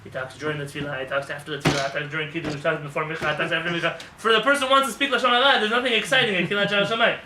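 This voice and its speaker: Male rabbi, fast animated sermon, raised pitch, roomy hall sound. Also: far from the mic, background noise. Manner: animated, acts out voices, jokes with the congregation. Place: synagogue. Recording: roomy hall with faint ambience.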